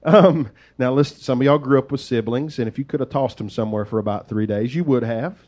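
A man preaching, retelling a story in a lively, conversational way with folksy asides. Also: mid-range voice, brisk. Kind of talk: sermon storytelling.

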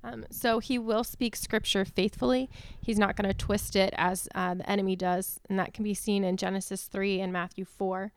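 Woman, clear smooth voice, flat delivery, dry mic; measured reading of teaching points. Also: mid-range voice, dry recording. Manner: steady, measured, cites verses one after another. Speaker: church co-host.

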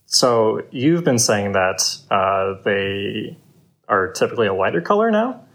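Male guest, fairly low voice, relaxed easygoing talk, casual podcast chat. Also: unhurried. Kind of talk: casual beer review chat.

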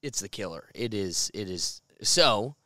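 A man hosting a relaxed beer-tasting podcast, rambling through long explanations and laughing often. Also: on the low side, a little slow, no echo, studio quality. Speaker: podcast host. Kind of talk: casual chat over beers.

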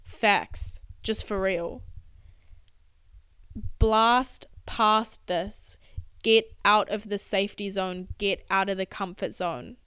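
A woman with a medium-pitched, sharp, clear and resonant voice hosts a solo motivational podcast, ranting passionately into the microphone with plenty of swearing. She speaks in fast spurts, and the studio-quality recording has no room sound.

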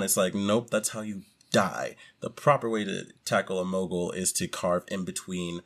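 Low voiced guy on a podcast, jokey and blunt, lots of slang. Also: steady tone, moderate pace, few pauses, fairly bright tone. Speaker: podcast co-host. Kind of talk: casual chat.

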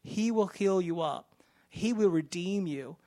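A man's voice: sits high, measured pace, warm tone. A man sharing a personal testimony in church, earnest and conversational. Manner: earnest, conversational, with fillers and restarts.

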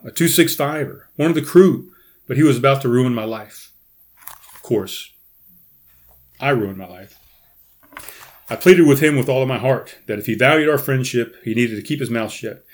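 A man, host of a podcast, reading his own memoir chapter aloud with dramatic dialogue and quiet offhand asides. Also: normal speed, pauses often. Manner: animated, pitch jumps up in quoted dialogue, quiet asides.

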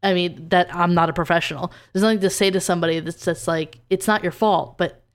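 A woman's voice: lowish voice, level tone, quick pace, clean tone. A woman co-hosting a true crime podcast, talking casually and hesitantly, often restarting and trailing off. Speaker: podcast co-host.

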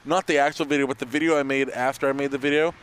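A man's voice: mid-range voice, fairly even intonation, very fast, a bit bright, slight background noise. A man hosting a podcast who tells crude jokes and stories in casual banter. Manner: crude, joking storyteller. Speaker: podcast host.

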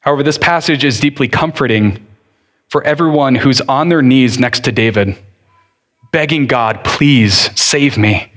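A man pastor preaching a sermon earnestly, leaning hard on key words and then rushing through others. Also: medium pitch. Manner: earnest preaching, shifting between slow deliberate stress and quick bursts.

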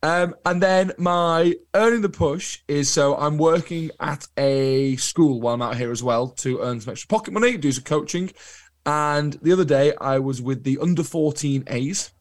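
A young adult man with an English accent, co-hosting a podcast in casual chat, telling animated anecdotes. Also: a little high, normal speed. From England. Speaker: podcast co-host.

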